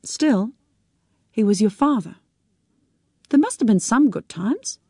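A woman's voice: fairly high pitch, expressive, slow pace, darkish tone, slightly rough, no room sound, studio quality, pitched above the performer's own voice, heavily acted. A woman voicing a composed adult woman who speaks in a soothing, assured way. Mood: calm.

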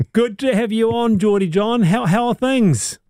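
Mellow-voiced male radio host. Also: high-pitched, no echo, studio quality. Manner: lively, laughing, repeats words. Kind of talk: radio talk show hosting.

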